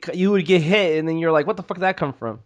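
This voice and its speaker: A man's voice: fairly high pitch, quick pace. A man co-hosting a podcast, talking loosely, trailing off and swearing casually. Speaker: podcast co-host. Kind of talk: casual chat.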